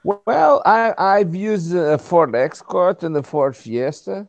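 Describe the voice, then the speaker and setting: A man from Portugal, hosting a casual chat and speaking haltingly, often repeating words. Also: high voice, expressive, creaky, no echo, dull audio.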